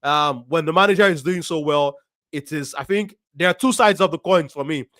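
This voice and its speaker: A man co-hosting a live fan stream, reading viewer comments in a measured way with many ums. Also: a little high, a bit bright, no room sound, studio quality. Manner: measured, with frequent ums and repeats.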